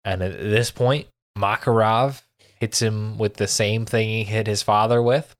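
Young guy breaking down an anime, swears a lot, quick and animated. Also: fairly low pitch, no room sound, studio quality. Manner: animated storytelling, swears, laughs often. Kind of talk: casual anime discussion.

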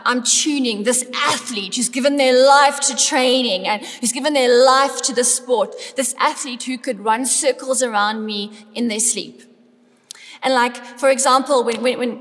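A middle-aged woman preaching a lively sermon in a church, building up to emphatic calls to her congregation. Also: high-pitched. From South Africa. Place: church hall. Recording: long hall reverb.

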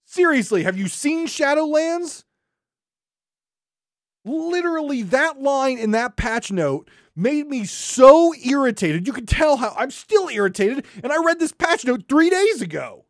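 A podcast host ranting angrily and sarcastically, swinging from shouting to muttering. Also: high voice, very animated, unhurried, no echo, studio quality. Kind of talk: solo gaming podcast rant.

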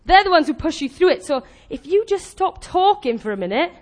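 A woman with a high, bright voice delivers a sermon in a lively, conversational way. She laughs often and slips into little acted voices for the people in her stories. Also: fairly quick. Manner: animated, chatty, laughs often and acts out quoted voices. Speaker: preacher.

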